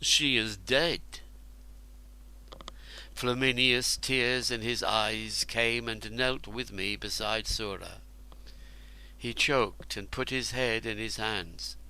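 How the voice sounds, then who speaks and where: A man narrating an audiobook in the first person, in a slow, measured and deliberate storytelling manner. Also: lowish voice, fairly even intonation, pushed and bright, clean tone, low-quality recording.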